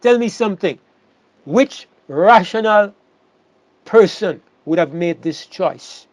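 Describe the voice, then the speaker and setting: A man's voice: high voice, lively intonation, slow, no echo. A man preaching a sermon, emphatic, often repeating words and restarting phrases.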